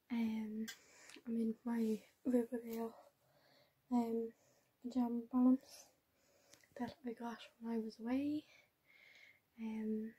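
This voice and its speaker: A woman's voice: a little high, level tone, slow pace, pauses often, dark tone, slightly rough, low-quality recording. A young woman chatting casually in a home vlog, rambling with lots of ums and often dropping to a whisper. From Ireland. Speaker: vlogger. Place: home bedroom, indoors.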